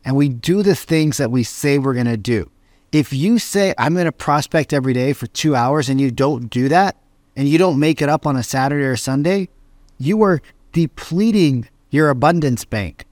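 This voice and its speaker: A man who is a podcast guest, telling a story in a casual way and giving motivational advice, animated and emphatic with repeated phrases. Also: on the high side, moderate pace, no echo.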